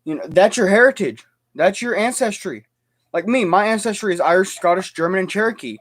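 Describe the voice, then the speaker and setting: A man's voice: high voice, a little fast, fairly bright tone. A young man hosting a livestream, ranting heatedly with lots of stumbling restarts. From United States. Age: young adult. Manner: fired-up, repetitive, stumbling restarts. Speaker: livestream host.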